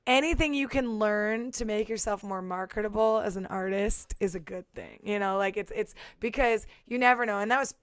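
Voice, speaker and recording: A woman's voice: medium pitch, moderate pace, hardly any pauses, smooth, no room sound, clean studio sound. A woman musician chatting casually, talking through her thoughts with many fillers and restarts. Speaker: musician and podcast guest. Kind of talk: casual chat. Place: San Diego.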